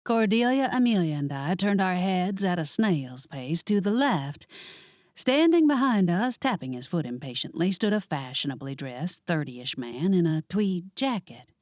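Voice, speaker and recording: A woman's voice: fairly low pitch, very animated, moderate pace, a little mellow, no room sound. A woman narrating a cozy audiobook in first person, wry and conversational.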